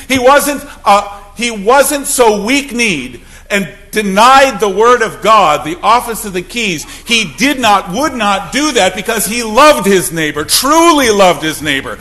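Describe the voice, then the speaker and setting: A man's voice: high-pitched, very animated, unhurried, few pauses, pushed and bright. A man preaching a sermon as a pastor, emphatic and full of rhetorical questions.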